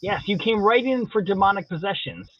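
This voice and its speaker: A man's voice: high-pitched, animated, a little fast, no echo. A man hosting a live drawing stream, chatting casually and playfully while he answers viewer comments. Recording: dull, dry lo-fi stream audio.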